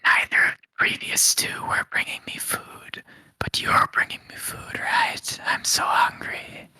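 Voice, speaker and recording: A hungry, disembodied presence pleads for food in a thin, bright whisper, voiced by a game master. This is a whispered role-play, breathy and unvoiced. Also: a little slow. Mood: pleading.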